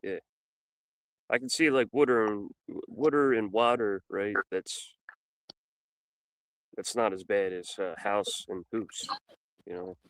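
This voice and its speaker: A man's voice: on the low side, slow, long pauses, fairly bright tone, no echo, low-quality recording. A man chatting as a guest on a live stream panel, blunt and telling stories. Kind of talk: casual live stream chat.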